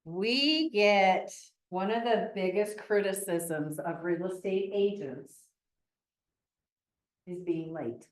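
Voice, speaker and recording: A woman with a Midwestern American accent teaching a real estate class, telling stories with chatty, animated acted-out quotes. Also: mid-range voice, slow pace. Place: training classroom. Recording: echoey room.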